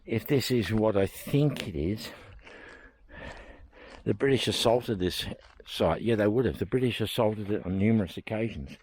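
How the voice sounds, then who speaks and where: A man hosting a travel vlog, walking an overgrown historic site and thinking aloud with excited, rambling asides. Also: fairly low pitch, normal speed, breathy edge. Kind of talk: casual vlog commentary while walking. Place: outdoors, overgrown hillside.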